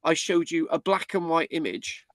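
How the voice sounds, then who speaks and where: A British man with a high, light voice runs a casual online history class. He talks in a chatty, halting way, restarting his sentences over a video call, and the sound is dry and close. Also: a bit bright, no room sound. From Britain. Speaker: history class tutor and host.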